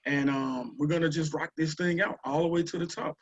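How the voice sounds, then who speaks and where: A man from Houston, telling a story and urging listeners on a group call, with animated, repetitive exhortation. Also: on the high side, brisk, hardly any pauses. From Houston, Texas. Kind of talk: motivational storytelling. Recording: muffled lo-fi call audio.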